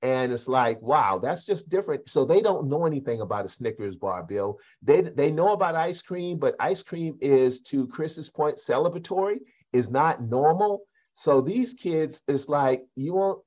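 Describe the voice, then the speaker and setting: A man's voice: on the high side, expressive, moderate pace, hardly any pauses, a little mellow, highs cut off. An older man with a South Carolina Geechee accent, a pastor and community advocate speaking on a discussion panel, telling folksy stories and addressing the others by name.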